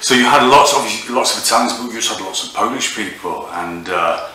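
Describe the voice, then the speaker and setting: A man from England delivering a comic monologue in a halting, rambling, hesitant way. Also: fairly low pitch, sharp tone. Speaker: comedian. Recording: echoey room, distant mic, faint noise.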